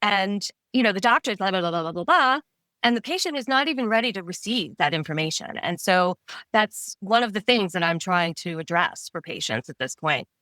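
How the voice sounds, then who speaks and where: A middle-aged woman with a Long Island New York accent, a retired oncologist explaining things clearly and warmly laughing as a podcast guest. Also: medium pitch, lively intonation, fairly quick, no room sound. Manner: articulate, explanatory, laughs easily. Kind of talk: podcast interview.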